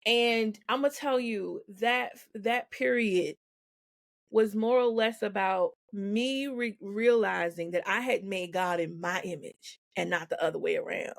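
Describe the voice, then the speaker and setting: A woman's voice: mid-range voice, measured pace, creaky, no echo, clean studio sound. A woman guest on a podcast, speaking frankly and with animation, laughing often as she tells her story. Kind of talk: candid conversational storytelling. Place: podcast recording.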